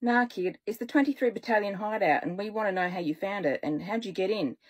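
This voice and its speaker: A woman voicing a gruff, beefy male gangster from an old-style card game, talking slow, loud and tough. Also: medium pitch, lightly acted. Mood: mocking.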